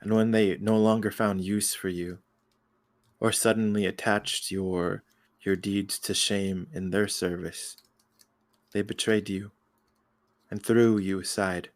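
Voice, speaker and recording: A man voicing a courteous, formal male adventurer who questions a stranger in a tabletop game, speaking in measured, polite sentences. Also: fairly low pitch, level tone, no room sound. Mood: calm, probing. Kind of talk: in-character tabletop role-play.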